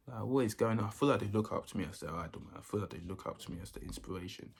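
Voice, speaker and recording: A man's voice: fairly low pitch, steady tone, quick pace, gravelly, hardly any pauses, husky. A young man, telling a story in a casual, rambling way that keeps repeating itself. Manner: rambling, repeats himself often. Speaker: vlogger.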